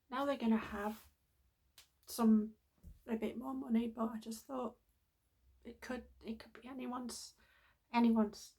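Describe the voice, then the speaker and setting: A woman's voice: fairly high pitch, a little mellow, slightly rough. A middle-aged woman vlogging, telling a personal story in an earnest, heartfelt, rambling way.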